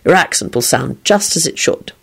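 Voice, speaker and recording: A woman voicing a kindly, nervous man who speaks gently and stammers. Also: sits low, expressive, moderate pace, creaky, husky, heavily acted. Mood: gentle. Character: kindly nervous man, well-meaning teacher.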